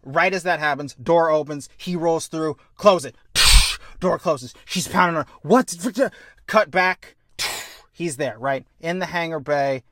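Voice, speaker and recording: A young man chatting casually, acting out a story pitch with quick voice changes and swearing. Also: fairly bright tone, dry recording, clean studio sound. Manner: acts out scenes with quick voice changes. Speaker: podcast co-host pitching a story. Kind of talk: animated storytelling chat.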